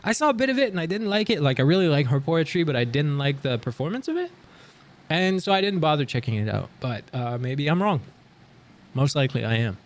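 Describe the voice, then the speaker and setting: Animated young man chatting on a livestream. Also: a little high, fairly quick. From Canada, near Montreal. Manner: animated and joking, voice jumping up in surprise. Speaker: livestream streamer. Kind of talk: casual livestream chat, reading out chat messages.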